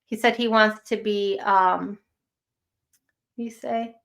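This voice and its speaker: A woman with a Chicago accent talks casually to her livestream audience. She speaks slowly and drifts between thoughts with plenty of fillers. Her voice has a gravelly, creaky edge. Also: mid-range voice, steady tone, fairly bright tone. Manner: chatty, rambling with many fillers. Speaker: livestream host.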